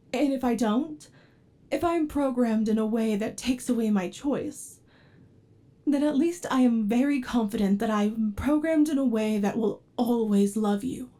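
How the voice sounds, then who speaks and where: A woman voicing an obsessive, devoted android with an unstable temper in a whispered role-play, talking softly and pleading, sometimes flaring into anger. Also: a little high, natural voice. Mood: apologetic, pleading. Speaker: ASMR role-play performer.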